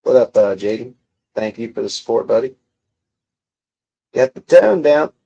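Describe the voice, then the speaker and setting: A man's voice: mid-range voice, expressive, moderate pace, creaky, dark tone. A young man livestreaming from his home, casually reading chat and bantering with viewers in a profane, mocking way. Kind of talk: casual live-stream chat reading comments. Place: home room.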